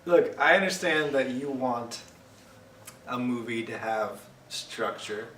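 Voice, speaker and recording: A man co-hosting a casual movie review podcast, joking and acting out scenes in quick put-on voices. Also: medium pitch, sharp tone. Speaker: podcast co-host. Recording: roomy, distant mic with faint noise.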